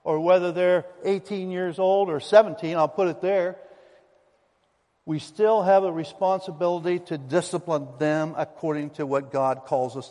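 A man's voice: a little high, a little mellow. A male pastor preaching a sermon to his congregation in an emphatic, folksy storytelling manner. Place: church sanctuary. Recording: long reverb of a church hall.

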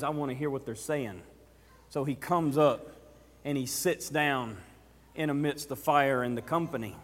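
A man preaching a sermon who retells scenes dramatically and acts them out. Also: fairly high pitch. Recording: reverberant church hall.

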